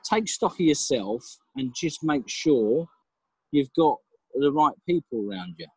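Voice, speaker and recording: A man's voice: mid-range voice, expressive, unhurried, darkish tone, breathy edge, no echo, low-quality recording. A man, a father, talking reflectively as a podcast guest, with laughs and hesitant restarts. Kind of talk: casual interview chat.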